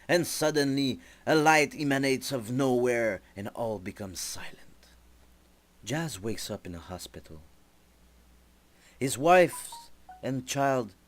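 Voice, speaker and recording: A young man, a student, narrating his storyboard story deliberately with small slips. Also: fairly low pitch. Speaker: student presenter.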